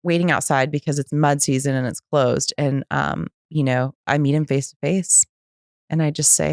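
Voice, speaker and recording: A woman in her thirties, a podcast guest telling a candid personal story and acting out the voices of others with lively pitch jumps. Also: moderate pace, no echo, clean studio sound. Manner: animated, acts out quoted voices with pitch jumps.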